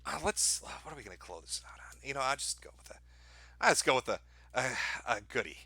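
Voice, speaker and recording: A man's voice: medium pitch, sing-song, quick pace, sharp tone, breathy edge, dry recording. A man hosting a live stream from home, giving dry, sarcastic mock praise, swearing now and then and laughing at his own jokes. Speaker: livestream host. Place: home, dogs barking nearby.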